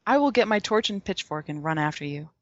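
A man putting on a shrill, mock-indignant voice as an outraged, prim male blogging censor, recorded lo-fi. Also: lively intonation, quick pace, a bit bright, no echo. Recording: dull lo-fi.

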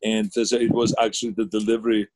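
A man's voice: on the low side, flat delivery, fast, a little mellow. A man, chatting casually as a guest on a video call, rambling with many fillers and restarts. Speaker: guest, former governor.

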